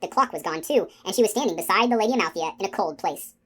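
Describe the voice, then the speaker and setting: A woman reading a fantasy novel aloud in a soft, hushed storytelling manner. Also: mid-range voice, animated, fast talker. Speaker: audiobook reader. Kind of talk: audiobook narration.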